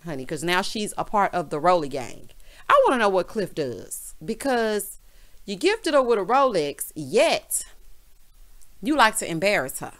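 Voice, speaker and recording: A woman with a Southern US accent recapping a reality show in sassy, animated casual chat, dropping "honey" into nearly every line. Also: mid-range voice. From American South.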